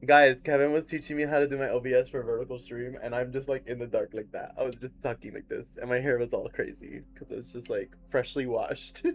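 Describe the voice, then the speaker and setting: A man's voice: mid-range voice, moderate pace, soft background music. A man streaming a game from home, chatting casually with viewers and cheering and laughing often. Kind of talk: casual gaming livestream chat.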